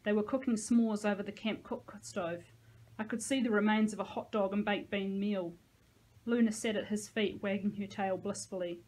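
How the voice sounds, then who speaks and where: A woman's voice: mid-range voice, fairly even intonation, normal speed, mellow, low-quality recording. A woman, a teacher, reading a novel aloud to her class with casual asides to her listeners.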